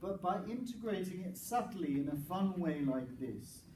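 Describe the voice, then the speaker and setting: Male workshop presenter, slightly high voice, explains with fillers and restarts; distant mic in an echoey room. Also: animated, moderate pace, noisy background. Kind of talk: teacher-training workshop talk. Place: crowded room.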